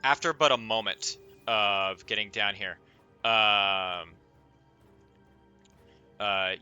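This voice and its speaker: A man narrating a tabletop game as game master, halting often with filler sounds as he goes. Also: on the low side, sharp tone, smooth, dull audio.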